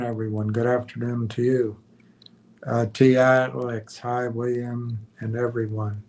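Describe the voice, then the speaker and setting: A man hosting a livestream in a casual chat, reading out viewer comments with many fillers and trailing pauses. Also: medium pitch. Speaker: livestream host.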